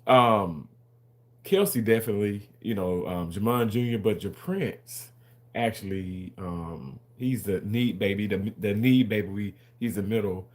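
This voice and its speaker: A man's voice: on the low side, measured pace, darkish tone. A man hosting a casual livestream, rambling and repeating himself as he answers and argues with viewers in the chat.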